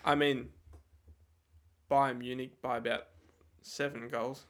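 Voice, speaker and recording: A man's voice: medium pitch, level tone, slow pace, fairly bright tone. A young man co-hosting a casual football tipping chat, with a dry, teasing sense of humour. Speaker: podcast co-host.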